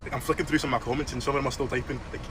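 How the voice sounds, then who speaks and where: Scottish guy, rapid casual chat, street noise behind, selfie-video energy. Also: mid-range voice, distant mic. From Scotland. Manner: rapid, animated, swearing. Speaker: content creator.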